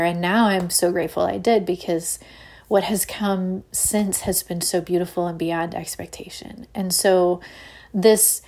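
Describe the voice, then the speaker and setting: A woman, hosting a casual solo podcast in a chatty, animated way with Valley Girl-ish phrasing. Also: medium pitch. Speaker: podcast host.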